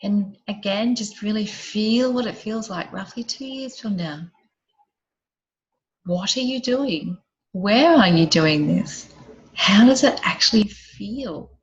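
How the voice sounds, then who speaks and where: A woman leading an online group session, guiding listeners through a visualization with gentle questions that often drop soft and quiet. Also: mid-range voice, expressive, takes it slowly, highs cut off. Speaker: program facilitator.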